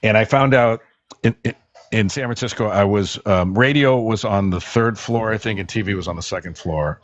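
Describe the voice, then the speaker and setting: A man's voice: on the low side, moderate pace, lo-fi sound, slight background noise. A man, a former radio host, telling long rambling anecdotes with many fillers as a guest on a call-in show. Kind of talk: casual storytelling in a call-in show.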